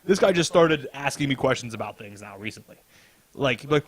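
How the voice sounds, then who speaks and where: A man's voice: mid-range voice, expressive, a little fast, no room sound. A young man hosting a podcast, telling a story in casual chat, swearing a lot and laughing as he goes. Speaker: podcast host.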